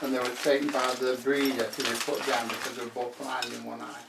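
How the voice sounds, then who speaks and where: A man's voice: mid-range voice, level tone, quick pace, vocal fry. A man, short of breath, talking bluntly with dry humour to paramedics in his home. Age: 60s. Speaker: patient. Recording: roomy room, far from mic, loud noise.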